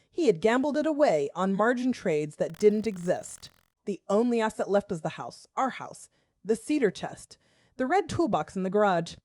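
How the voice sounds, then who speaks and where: A woman in her forties from the American South narrates her own story in a wry, confessional first person. Her mid-range voice comes through close and dry, with no room around it. She keeps a measured, steady delivery. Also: mid-range voice, dry recording. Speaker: storyteller, school principal.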